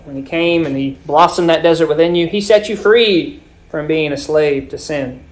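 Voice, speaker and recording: A man preaching a sermon, explaining scripture with swells and sudden drops in loudness. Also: fairly high pitch, moderate pace. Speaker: pastor.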